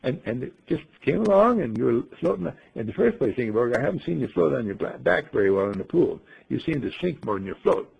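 A man's voice: medium pitch, very animated, fast talker, creaky, hardly any pauses, husky. A man giving a storytelling talk, who asks rhetorical questions and playfully acts out the scenes he describes. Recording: dull lo-fi recording.

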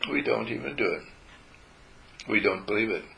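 A man giving a gentle spiritual talk to a group, telling stories and acting out how he talks to his dog. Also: fairly low pitch, moderate pace, creaky, slight background noise, poor audio.

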